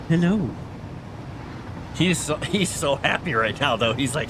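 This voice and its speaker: Guy streaming a game from home, chatty, coos at his cat, voice jumps around, fairly high, noisy mic. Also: lively intonation, a little slow. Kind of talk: casual game stream chat. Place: home, indoors.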